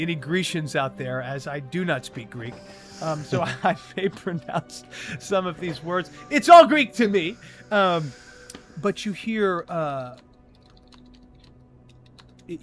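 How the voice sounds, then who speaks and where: A man acts as game master for a tabletop horror game, describing scenes unhurriedly and with many filler words. His voice is a little high.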